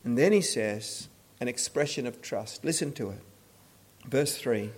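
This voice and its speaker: A man preaching a sermon in an earnest voice, often restarting his words and dropping to a hushed tone. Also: mid-range voice, unhurried, slightly rough. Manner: earnest, stumbling restarts, pleading then hushed. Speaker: pastor.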